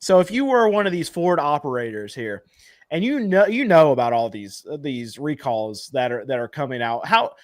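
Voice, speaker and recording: A man's voice: fairly high pitch, big pitch swings, moderate pace, no room sound, clean studio sound. Self-mocking man co-hosting a chat. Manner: self-deprecating, conversational, hesitant fillers. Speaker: co-host. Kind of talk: casual podcast chat.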